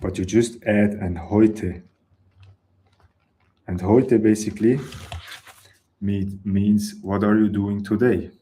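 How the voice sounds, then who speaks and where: Male teacher, unhurried and patient, low voice. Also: little pitch movement, mellow. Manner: slow, patient explaining with example sentences. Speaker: German teacher. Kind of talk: language lesson.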